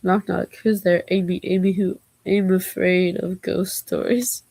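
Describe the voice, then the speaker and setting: A woman's voice: fairly low pitch, little pitch movement, measured pace, creaky, darkish tone, no room sound. A woman vlogger reading knock-knock jokes aloud, taking both parts herself and breaking off for giggly asides.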